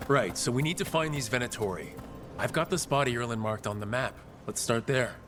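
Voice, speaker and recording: An actor playing a steady male adventurer hero in a video game, speaking in a calm, decisive, plain-spoken way. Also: mid-range voice, fairly quick, music in the background, lightly acted.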